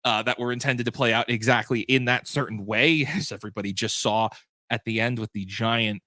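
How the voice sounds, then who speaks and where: Male game master hosting a livestream recap; bright, forward voice, loose and chatty with frequent restarts. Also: mid-range voice, fairly even intonation, fairly quick, no echo. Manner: chatty, self-correcting, answers viewer questions. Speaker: game master and show host. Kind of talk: livestream post-show chat.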